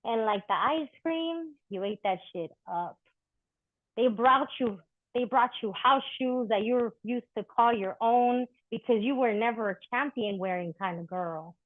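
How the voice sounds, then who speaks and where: A woman's voice: on the high side, unhurried, dry recording. A woman performing spoken-word poetry and chatting candidly between poems at a live poetry event, swearing freely. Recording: thin phone-like dry recording.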